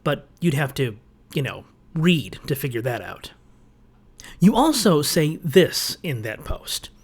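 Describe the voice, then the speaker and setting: A man's voice: fairly high pitch, big pitch swings, slow, slightly rough. Sarcastic man delivering a pointed rebuttal. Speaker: video essayist. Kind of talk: scripted rebuttal commentary.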